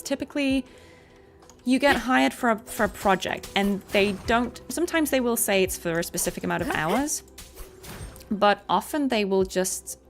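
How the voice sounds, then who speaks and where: Gravelly woman giving earnest advice. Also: medium pitch. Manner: earnest, advice-giving, frequent ums and small laughs. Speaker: voice actor and streamer. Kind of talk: casual chat while gaming.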